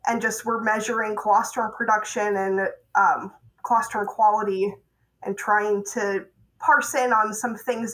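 Bright-voiced woman researcher guest. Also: mid-range voice, low-quality recording. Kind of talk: casual interview answers.

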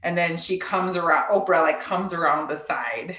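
Speaking at a moderate pace with a lowish voice, this tribal entrepreneur laughs and acts out quotes while recounting a story in a relaxed interview, full of animation. The audio is reverberant.

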